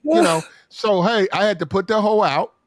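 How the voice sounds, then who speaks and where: A man telling a crude story in casual podcast talk, loud and animated, swearing and acting out the quotes. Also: high voice, moderate pace, no room sound, clean studio sound.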